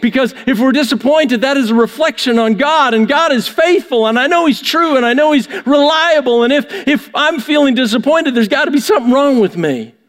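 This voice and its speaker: A man with a high voice delivers a sermon from the pulpit, driving his message home with rhetorical questions. His words ring out with a long reverb across the church hall. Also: animated, fairly quick, hardly any pauses, fairly bright tone. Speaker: pastor. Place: church sanctuary.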